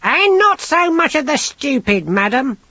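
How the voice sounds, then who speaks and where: A man voicing a cheeky, sardonic talking raven in an audiobook, squawky and high. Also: very animated, measured pace, bright, forceful tone, no echo, muffled recording, exaggerated voice. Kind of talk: audiobook character voice.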